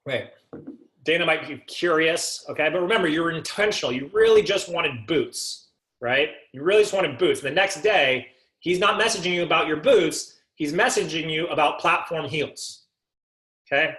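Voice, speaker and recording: Speaking at a moderate pace with a sharp tone and a voice on the high side, a man coaches salespeople over a call in an echoey room. He throws out rhetorical questions and checks in, asking "right?" again and again.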